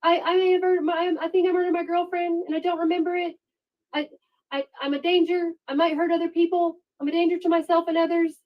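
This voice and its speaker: A woman's voice: very high-pitched, level tone, fast, lo-fi sound, voice pushed up. A woman putting on a stammering, frantic man in a panic. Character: panicked man confessing on an emergency call.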